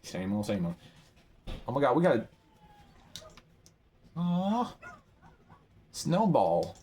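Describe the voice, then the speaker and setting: A man rambling through a game's item shop in casual commentary, excitable, his voice often jumping up high. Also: slow. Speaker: gamer browsing an item shop.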